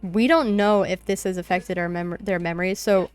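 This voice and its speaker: Soft background music plays as a young woman streams a game and chats casually about a tabletop session. Her voice is lowish and steady at a normal speed, and her storytelling rambles with many fillers.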